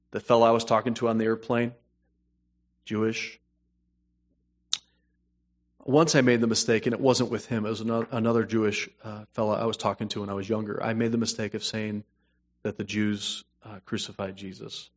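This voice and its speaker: A man preaching a sermon, moving between hushed storytelling and emphatic, rising points. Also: lowish voice, little pitch movement, moderate pace, long pauses. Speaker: pastor.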